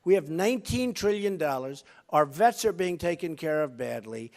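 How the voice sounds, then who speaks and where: Fairly high-voiced male candidate, off-the-cuff rally speech, rambles, repeats himself, brags. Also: very animated, moderate pace, darkish tone. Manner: rambling, repetitive, boastful. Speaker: political candidate. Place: rally stage.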